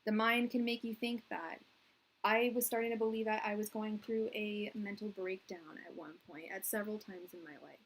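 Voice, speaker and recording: A woman's voice: mid-range voice, fairly even intonation, moderate pace, husky, poor audio. A woman in her thirties giving a live tarot reading, rambling and earnest, full of restarts and "like", at times teary. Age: 30s. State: tearing up. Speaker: tarot reader.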